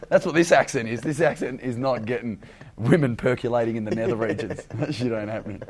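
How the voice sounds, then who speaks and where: A man's voice: medium pitch, fast. A man from Australia with an Australian accent, a comedian guest telling self-mocking stories in casual comedic chat and laughing often.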